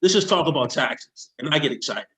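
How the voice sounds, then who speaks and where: Excitable man in an echoey room. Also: fairly high pitch. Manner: excitable, rushing, self-interrupting. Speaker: tax expert guest. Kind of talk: explaining with slides.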